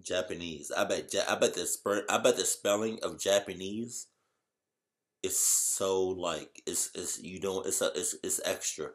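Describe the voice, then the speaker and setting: A man in a casual vlog, reacting with loud exclamations and slangy chatter while trying out a translation app. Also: deep voice, unhurried. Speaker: YouTuber.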